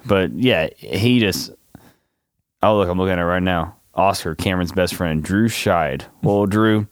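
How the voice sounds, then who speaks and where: A man's voice: low voice, unhurried, dry recording, clean studio sound. A man co-hosting a podcast, chatting in a laid-back, teasing way, a bit tipsy and sleepy. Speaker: podcast co-host. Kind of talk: casual chat.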